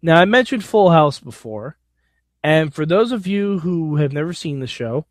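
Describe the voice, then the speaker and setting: A man's voice: fairly high pitch, lively intonation, moderate pace, dry recording, clean studio sound. A man hosting a podcast alone, giving a casual wrestling recap in an opinionated, blunt, sometimes profane way. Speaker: podcast host.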